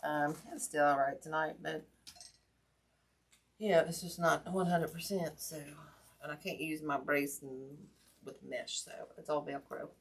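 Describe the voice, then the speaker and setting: A woman's voice: low voice, steady tone, measured pace, slightly rough. A woman hosting a casual wreath-making livestream, folksy and chatty with lots of ums, greeting viewers by name while her hurt hand aches.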